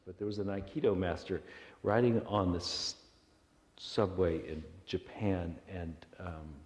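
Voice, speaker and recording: Reflective preacher, low voice, echoey church. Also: male voice, steady tone, measured pace, a little mellow. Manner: reflective, earnest, with small restarts. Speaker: minister. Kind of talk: sermon, meditation storytelling. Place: church sanctuary.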